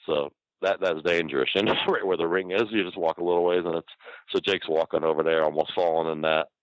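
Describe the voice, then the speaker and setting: An older man with a very low, deep voice tells rambling, profane stories, breaking into laughter between lines. The sound is dry and close, with no room around it. He talks loosely, piling up restarts and asides. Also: steady tone, brisk, no room sound, muffled recording. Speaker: guest storyteller. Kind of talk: casual storytelling interview.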